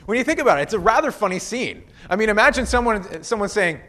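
A man preaching in a relaxed, conversational way, with casual asides and playful quoted voices. His voice sits a little higher than most men's. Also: fast talker. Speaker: pastor. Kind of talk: sermon.

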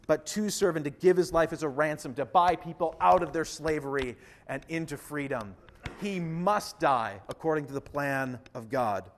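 A man's voice: on the high side, expressive, normal speed, a bit bright. A man preaching a sermon in an earnest, emphatic manner, speaking directly to his listeners. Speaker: pastor.

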